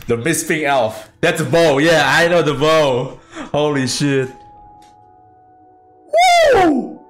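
A man, a VTuber from Indonesia, gives an excited, hoarse reaction commentary. He yelps and hums along with the trailer music. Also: takes it slowly. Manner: bursts into high-pitched screams and hums along with the music. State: hoarse from screaming.

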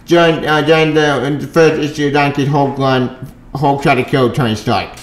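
A man's voice: medium pitch, steady tone, moderate pace. A man reviewing a comic book in a casual, rambling, sarcastic way, with many restarts and asides. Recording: roomy echo.

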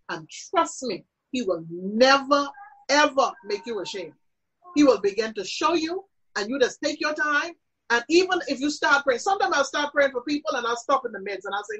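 A woman's voice: high-pitched, animated, fairly quick, a bit bright, slightly rough, rough recording. A woman minister teaching about prayer in an interview, with an emphatic, preacherly delivery.

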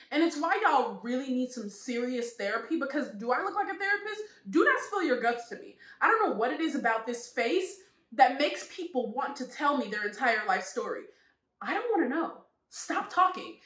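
A young woman vlogger telling candid stories in a casual, animated way, laughing often. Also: high-pitched, echoey room. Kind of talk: casual storytelling vlog.

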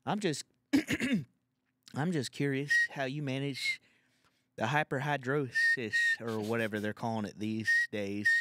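A man's voice: medium pitch, pushed and bright, slight background noise, pitched above the performer's own voice. A man voicing a polite, earnest male fan in a stiff, formal, raised voice.

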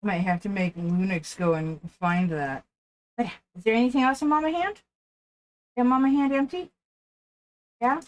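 A woman's voice: medium pitch, moderate pace, pauses often. A woman streaming live, chatting casually with viewers and cooing baby talk at her dog. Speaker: game streamer.

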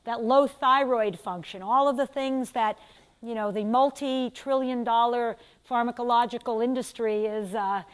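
An older instructor with a New York accent lectures her class in a high, smooth voice. She speaks in quick, chatty asides and keeps turning to students with questions.

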